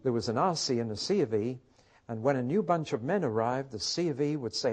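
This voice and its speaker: In a Bible study, this man makes his case with rhetorical questions and stories from his own life, speaking emphatically. His mid-range voice is expressive and a little mellow, moving at a slightly fast pace.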